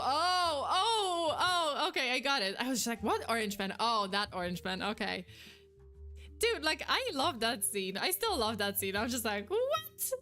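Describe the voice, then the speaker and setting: A young woman chatting casually on a live stream, reacting to chat with quick, giggly, animated replies. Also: a little high.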